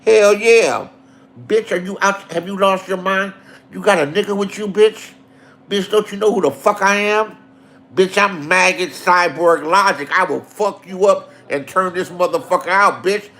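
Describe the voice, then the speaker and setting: A man acting out a boastful hothead who barks profane threats and bosses everyone around. His voice sits a little high and gravelly. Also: moderate pace. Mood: furious. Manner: profane, shouting threats, domineering. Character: brash threatening adult man, hot-tempered and boastful.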